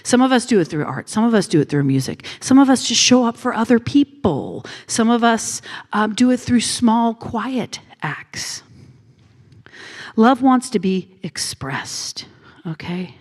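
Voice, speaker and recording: High-voiced woman minister, soft and gentle. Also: lively intonation, unhurried. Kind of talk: sermon. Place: church sanctuary. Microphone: handheld mic.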